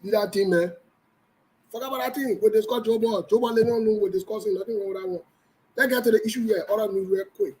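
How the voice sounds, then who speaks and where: A man's voice: high-pitched, steady tone, fast, a little mellow, a little hiss or hum, poor audio. A man with a Liberian English accent hosting a live online show, greeting viewers by name in a loose, joking way. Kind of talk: casual livestream chat.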